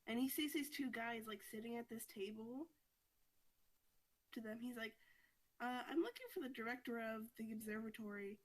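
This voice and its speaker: Chatty podcast girl retelling a comic, kinda high voice, lots of "like". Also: normal speed, poor audio. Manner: chatty, fillers of "like", frequent laughter. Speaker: podcast host. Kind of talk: casual recap of a comic story.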